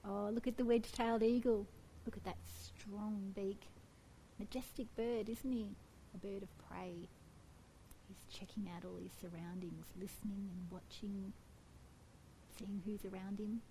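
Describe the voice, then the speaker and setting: A woman co-presenting a children's storytime show, gushing and warm, laughing often. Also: medium pitch, steady tone, unhurried, a little hiss or hum, low-quality recording.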